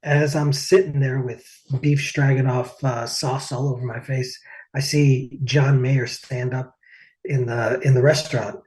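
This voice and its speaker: Chatty man telling stories, middle pitch. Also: steady tone, unhurried, a little mellow, poor audio. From United States. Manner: rambling, lots of "like" and "uh". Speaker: interview guest, singer. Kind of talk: casual storytelling.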